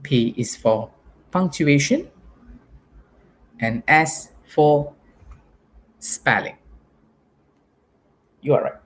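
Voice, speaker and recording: A man's voice: a little high, lively intonation, extremely slow, long pauses. A Malaysian man teaching a live online English lesson, patiently drilling spelling and pronunciation for primary pupils.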